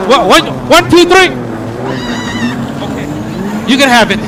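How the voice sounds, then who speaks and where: High-voiced man hyping an outdoor crowd. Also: normal speed, pauses often, very noisy. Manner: energetic, counts down and calls for cheers. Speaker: crowd hype host. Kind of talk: live event crowd work.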